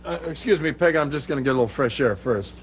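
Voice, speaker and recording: An actor playing a lazy, scheming middle-aged husband in a sitcom, grumbling and bursting into loud exasperated yells. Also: male voice, mid-range voice, lively intonation, fast, very noisy, natural voice. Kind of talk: sitcom acting.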